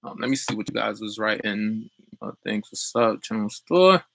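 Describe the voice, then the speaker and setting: A man's voice: fairly low pitch, lively intonation, moderate pace, creaky, a bit bright, no echo. A young adult man chatting loosely on a livestream as a business coach, full of fillers and restarts while reading viewer comments.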